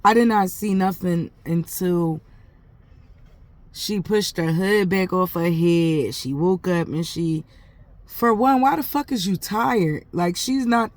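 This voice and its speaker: A woman's voice: lowish voice, takes it slowly, no room sound. A mother telling a story to camera in a casual, heated and profane way, talking in emphatic run-on bursts.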